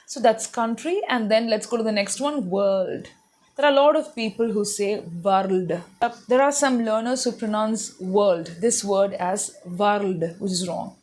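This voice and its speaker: A young adult woman giving an online English pronunciation lesson, patiently explaining and repeating each word slowly to model it. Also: a little high, darkish tone.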